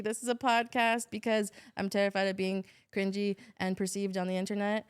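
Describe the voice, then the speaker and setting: A woman hosting a podcast in casual chat, excitable and giggly, swearing freely. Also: mid-range voice, fairly quick, smooth. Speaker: podcast host.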